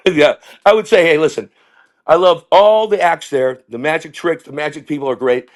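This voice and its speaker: Rambling, animated man comic. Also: fairly high pitch, moderate pace. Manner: rambling, jumps into impressions and character voices. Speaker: comedian guest. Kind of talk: animated storytelling with voices.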